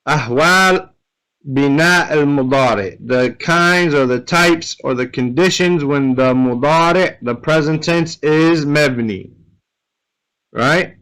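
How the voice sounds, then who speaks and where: A man teaching a grammar class in a smooth, clear voice at a slow, unhurried pace. He breaks each rule down step by step and keeps checking with his listeners. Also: a little high, a bit bright, poor audio. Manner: explains step by step, often checking with "right?".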